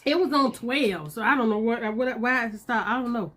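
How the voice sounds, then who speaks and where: A woman's voice: on the high side, normal speed, fairly bright tone. A woman, chatting casually to her viewers while eating. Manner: chatty, talks to viewers as y'all, Southern US slang. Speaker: mukbang vlogger.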